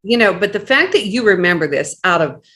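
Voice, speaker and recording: A woman's voice: medium pitch, animated, a little fast, sharp tone. A woman co-hosting a casual talk, affirming her partner and reflecting on the point. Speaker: co-host. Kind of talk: casual conversation.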